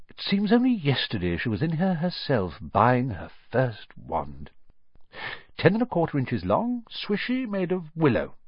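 A man voicing an eccentric, soft-spoken old male wandmaker who can turn stern and sharp, in a storybook reading. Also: mid-range voice, huge pitch swings, measured pace, breathy edge, no room sound, muffled recording, voice pushed up, heavily acted. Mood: wistful.

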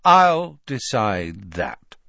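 Man reads cocky teen bully, icy contempt, lively swings in pitch; audiobook. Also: drawn-out words, vocal fry, no room sound, clean studio sound, heavily acted. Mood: sneering. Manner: cold, contemptuous. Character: sneering arrogant teenage boy, threatening. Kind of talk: audiobook character voice.

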